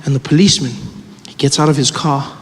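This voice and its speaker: High-voiced man doing stand-up in a hall. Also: quick pace. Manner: animated, acts out the scenes, self-mocking. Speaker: stand-up comedian. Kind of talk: stand-up storytelling. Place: comedy stage. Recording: live comedy hall with audience noise.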